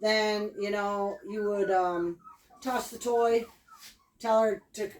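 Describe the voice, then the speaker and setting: A woman's voice: mid-range voice, steady tone, slow, a little mellow. Woman dog trainer talking casually at home, a bit far from the mic, roomy echo, some faint noise. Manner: chatty, loose and repeats cues with praise. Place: indoors at home with her dog. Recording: echoey room, mic at a distance.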